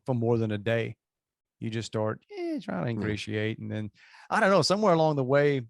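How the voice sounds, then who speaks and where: Gravelly Cajun man chatting. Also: mid-range voice, big pitch swings, a little fast, no room sound, studio quality. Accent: Cajun Louisiana. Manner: joking, folksy, talks in bursts. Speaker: podcast co-host. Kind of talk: casual chat.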